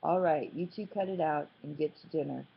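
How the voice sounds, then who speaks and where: A woman voicing a capable grown daughter who speaks in a brisk, scolding way. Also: low voice, creaky, breathy edge, full character voice. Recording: slightly muffled, dull audio.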